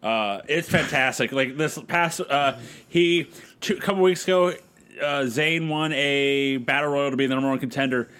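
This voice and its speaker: A man's voice: mid-range voice, moderate pace, a bit bright, smooth. A man co-hosting a casual podcast chat, loose and profane, often quoting others in put-on voices. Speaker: podcast co-host.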